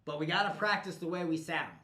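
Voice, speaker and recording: A man's voice: a little high, animated, brisk, reverberant, rough recording. A man coaching his team in a blunt, profane motivational talk. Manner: forceful, profane, pushy.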